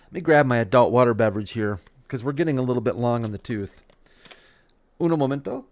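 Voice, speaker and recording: A man's voice: mid-range voice, quick pace, no echo. A man chatting casually over his farming game, rambling and correcting himself as he goes. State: slight hiccups. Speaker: gaming channel host. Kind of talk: casual let's-play commentary.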